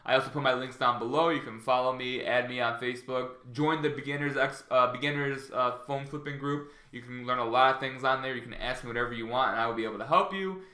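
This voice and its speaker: Rambling young-sounding man, bright echoey voice. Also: mid-range voice, fast, few pauses. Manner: rambling, many fillers and restarts, acts out phone dialogue. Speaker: vlogger giving sales tips. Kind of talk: casual advice vlog.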